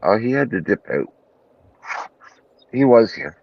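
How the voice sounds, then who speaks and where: A man's voice: medium pitch, very animated, measured pace, vocal fry, muffled recording, noisy background. A man in casual conversation, with dry, teasing remarks. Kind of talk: casual chat.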